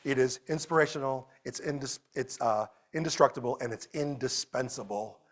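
This is a man preaching as pastor at a church service, his voice mid-range and his speed normal. He's animated, alternating quiet storytelling with loud exclamations.

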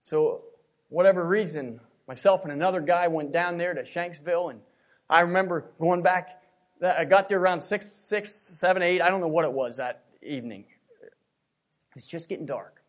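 Male preacher, middle-aged, from Pennsylvania, slightly higher voice; emotional sermon delivery, hushed then loud. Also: fairly quick. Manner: emotional, repeats words, swings from hushed to loud. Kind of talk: sermon with personal story.

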